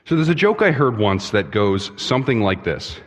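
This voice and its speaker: Husky young man preaching in a reverberant church. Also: fairly low pitch, moderate pace. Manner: relaxed, conversational storytelling. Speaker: pastoral intern. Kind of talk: sermon. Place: church sanctuary. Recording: long reverb in a church hall.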